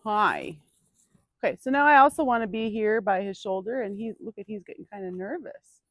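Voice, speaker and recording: A woman in an outdoor pen, explaining each step of a training session to viewers. She sounds dry and close, at a middle pitch. Her voice drops to a gentle, coaxing murmur when she speaks to the animal. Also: animated, a little fast, no echo. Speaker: burro trainer. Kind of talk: hands-on training demonstration.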